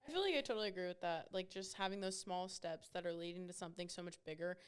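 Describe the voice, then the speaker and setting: A woman's voice: fairly low pitch, fast talker, clear, resonant tone. A woman co-hosting a youth ministry chat, agreeing in a conversational way. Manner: conversational, uses many fillers. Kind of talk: casual chat.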